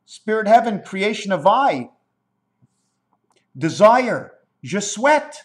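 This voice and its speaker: A man with a voice pitched a little high rambles through a monologue. He riffs from one word to the next and spells out letters in an animated, sing-song way. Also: takes it slowly. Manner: free-associating wordplay, spelling out letters.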